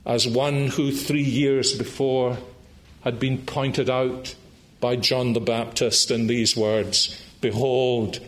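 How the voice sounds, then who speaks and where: A man delivering a sermon at a very slow, deliberate pace. He speaks in a middle-pitched voice, leans on each phrase with dramatic pauses and climbs high when he builds to a climax. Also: flat delivery. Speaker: preacher.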